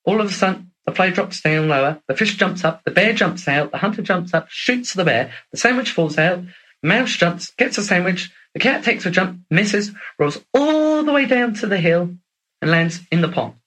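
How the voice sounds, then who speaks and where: A man's voice: high voice, expressive, normal speed, pushed and bright, low-quality recording. A man hosting a session, telling a long joke in a casual, chatty way. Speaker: host.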